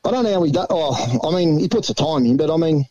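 Australian male, brisk and fairly high, crowded room. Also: animated, muffled recording, a crowd in the background. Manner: fast-talking, laughing, does mocking voices in stories. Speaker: pigeon fancier guest. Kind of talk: casual banter.

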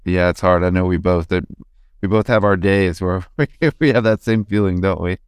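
A man's voice: low voice, fairly even intonation, normal speed, clean tone, no echo. A male podcast host reflecting in a thoughtful, casual way, often restarting his sentences. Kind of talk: casual conversation.

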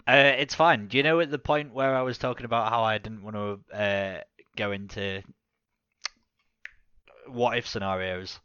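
A man co-hosting a sports podcast, chatting casually, swearing freely and laughing loudly. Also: lowish voice, steady tone, normal speed, clean tone, no room sound, highs cut off. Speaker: podcast co-host.

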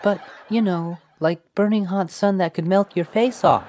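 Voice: mid-range voice, normal speed, darkish tone, slight background noise, close to an everyday voice. An actor voicing a bratty, dramatic young boy in a parody sitcom, with whiny, theatrical outbursts. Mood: petulant.

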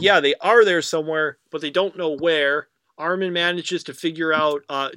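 A man's voice: fairly high pitch, fairly bright tone, clear, resonant tone, no echo. A young man co-hosting a casual podcast, recapping an episode in a rambling way with many fillers. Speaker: podcast co-host. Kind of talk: casual anime review chat.

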